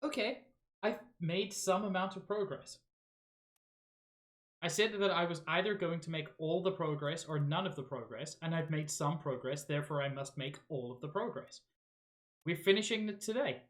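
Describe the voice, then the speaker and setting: A woman's voice: deep voice, moderate pace. A woman streaming a game live, thinking aloud in a casual, musing, self-mocking way with the odd swear.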